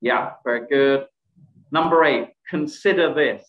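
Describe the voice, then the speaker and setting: A man's voice: medium pitch, unhurried. A man teaching a presentation skills workshop over a video call, quizzing participants and praising their answers. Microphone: video call microphone. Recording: echoey, dull video call audio.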